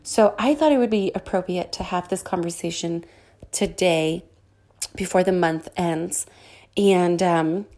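Bubbly woman podcast host. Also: dark tone. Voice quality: high-pitched voice. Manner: bubbly, laughs often. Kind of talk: casual podcast chat.

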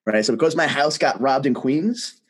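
Husky-voiced man telling a story. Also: mid-range voice, moderate pace. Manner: animated, emphatic storyteller. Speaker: guest. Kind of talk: casual conversation, storytelling.

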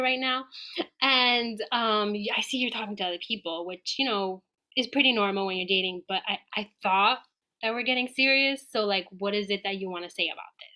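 A woman guest on a podcast telling a personal story in a casual, animated way, acting out her own quoted dialogue. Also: medium pitch, fairly quick.

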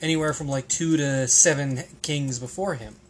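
A man's voice: mid-range voice, steady tone, normal speed, a little hiss or hum. A man hosting a casual podcast, rambling and hesitant, with plenty of restarts and ums. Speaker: podcast host.

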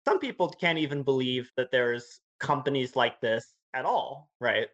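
A male host opens his podcast interview with eager, excitable energy, tripping over his words as he goes. His voice sits in a middle pitch. The recording sounds a bit dull and lo-fi. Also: normal speed. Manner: eager, restarts and fillers, excitable. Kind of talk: casual interview. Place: Hawaii.

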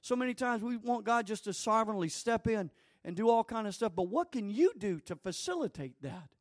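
A male pastor preaching a sermon in a church, telling the story with animated, emphatic repetitions. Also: sits high, brisk, no room sound, studio quality.

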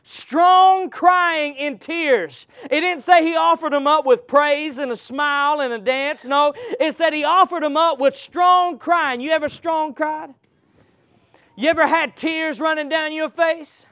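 A man with a strikingly high voice preaches with fervor, calling out questions for the congregation to answer. He rises to loud peaks, then drops to near-whispered passages. The sound is dry and close, with no room echo. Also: steady tone, unhurried. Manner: impassioned, swings from loud to hushed, asks the congregation questions. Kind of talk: live sermon with call-and-response.

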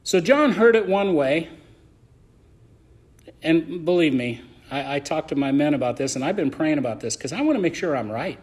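A man preaching as pastor of a church, swinging between loud emphasis and soft asides as he reads and explains scripture. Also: on the high side, animated, moderate pace. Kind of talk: sermon.

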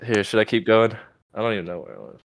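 A young man with a lowish voice rambles through a casual podcast chat, swearing freely as he reads a post aloud and answers it. The sound is dry and close, with no room around it. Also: very animated, quick pace, gravelly, no echo. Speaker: podcast co-host.

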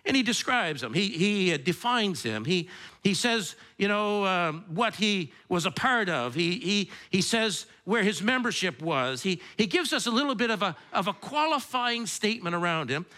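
Animated, bright-voiced preacher man. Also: high-pitched. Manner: halting, repeats words, folksy asides. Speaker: pastor. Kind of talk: sermon with opening prayer.

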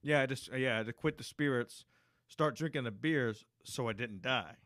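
A Texan podcast host teases his guest over a video call, trading profane banter and laughing often. His medium-pitched voice moves at a normal speed with a fairly bright tone, captured in clean studio sound with no room echo.

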